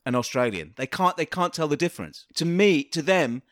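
A man's voice: fairly high pitch, very animated, brisk, no echo, clean studio sound. A man co-hosting a comedy podcast, chatty and teasing as he muses aloud. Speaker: podcast co-host. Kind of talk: casual comedic chat.

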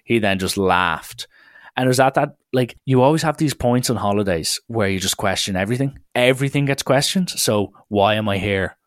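A young man telling a long comic story, shouting out the quoted lines. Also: on the low side, moderate pace, no echo, studio quality. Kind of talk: storytelling stand-up.

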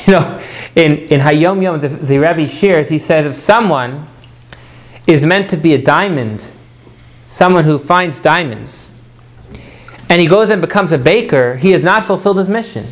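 Man teaching a text class, halting starts. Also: fairly high pitch. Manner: repeats words at starts, asks the class questions.

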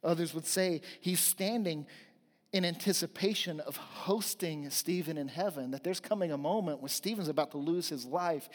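A man's voice: a little high, big-room sound. A man preaching a sermon as pastor, earnest and emphatic, building points through repetition.

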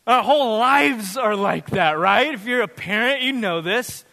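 A man in his thirties preaches with animated, humorous storytelling. His voice sits high and sounds bright and forceful. A long church-hall reverb follows his words. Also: a little slow, creaky. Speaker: pastor. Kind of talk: sermon. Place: church sanctuary.

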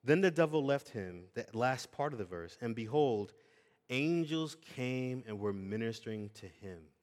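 A man preaching a sermon earnestly, asking his listeners questions and moving between quiet and raised passages. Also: mid-range voice, animated, measured pace. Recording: long hall reverb.

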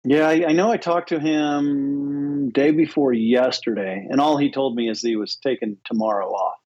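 A man's voice: medium pitch, fairly even intonation, normal speed, a little mellow, highs cut off. A man co-hosting a podcast in easygoing, rambling casual chat, agreeable and loose. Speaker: podcast co-host.

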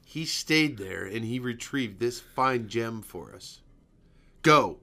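A man's voice: medium pitch, expressive, takes it slowly, gravelly, pushed and bright. A man hosting a podcast in casual chat, with dry, teasing asides. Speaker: podcast host. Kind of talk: casual chat, show intro.

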